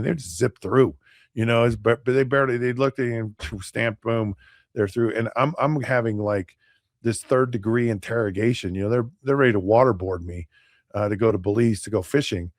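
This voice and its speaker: A man's voice: medium pitch, dry recording, clean studio sound. A middle-aged man hosting a podcast, telling stories casually with many restarts and acting out what other people said. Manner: rambling, with many restarts and acted-out quotes. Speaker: podcast host, former NFL quarterback. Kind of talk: casual storytelling.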